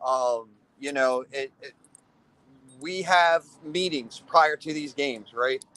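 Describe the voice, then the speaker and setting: A man casually telling a paintball story on a podcast, animated and profane, asking "right?" again and again and acting out other people's lines. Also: mid-range voice, no room sound. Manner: acts out other people's lines in quick bursts. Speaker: paintball team commander.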